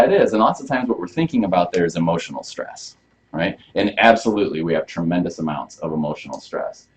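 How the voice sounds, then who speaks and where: This fairly low, darkish male voice belongs to a chiropractor leading a live health workshop, chatting casually and putting questions to the audience. The room holds a small live audience, and the recording is dull and lo-fi.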